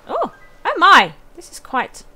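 A woman's voice: very high-pitched, wildly swooping pitch, measured pace, sharp tone, slight background noise, voice pushed up, exaggerated voice. A woman voicing a fussy, distressed village lady from a video game, who pines over her runaway cats. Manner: fretful and theatrical.

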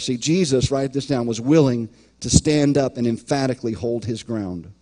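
A man's voice: medium pitch, moderate pace, mellow. A man preaching a sermon as pastor, emphatic, often repeating words and acting out imagined voices.

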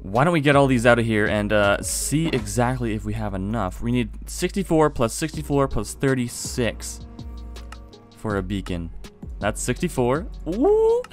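Man, gaming host, casual let's-play commentary, excitable, medium pitch, faint music behind. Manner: excitable, talks to viewers while playing.

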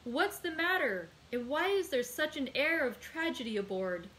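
A woman's voice: high voice, very animated, moderate pace, a bit bright, a little hiss or hum, pitched above the performer's own voice, rough recording. A woman reading the part of an anxious middle-aged male ship owner in a read-aloud book, in a plain reading voice.

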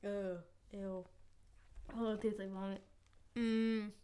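A woman's voice: medium pitch, flat delivery, slow pace, clear, resonant tone. A young woman improvising a casual role-play, narrating her character's actions in the present tense and often giggling.

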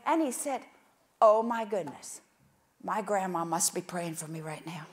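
A woman preaching at a conference with passion, dropping to hushed whispers and rising to loud outbursts as she tells stories and acts out prayers. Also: fairly low pitch, animated, unhurried. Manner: storytelling with quoted prayers. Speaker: conference speaker. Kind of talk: sermon. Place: conference stage.

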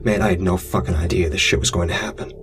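A man's voice: low-pitched, fairly even intonation, fast, music in the background, lightly acted. A man voicing a nervous young man who stammers out apologies. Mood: apologetic.

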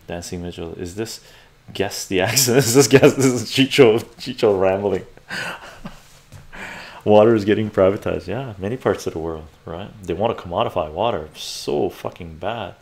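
Male streamer, low gravelly voice, sarcastic profane rants while reading chat. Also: normal speed, darkish tone. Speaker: livestream host reading viewer chat. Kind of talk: ranting livestream commentary.

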